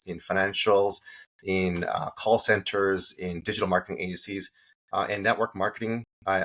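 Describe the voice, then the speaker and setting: Husky-voiced man, animated sales coach. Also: low-pitched. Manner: animated storytelling, acts out quoted dialogue. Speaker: sales coach, podcast guest. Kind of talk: casual interview talk.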